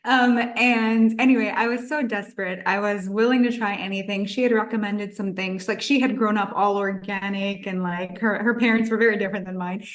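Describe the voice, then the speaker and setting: A woman's voice: medium pitch, fairly even intonation, brisk, few pauses. Chatty woman nutritionist guest. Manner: chatty, acts out her past thoughts. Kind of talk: podcast interview storytelling.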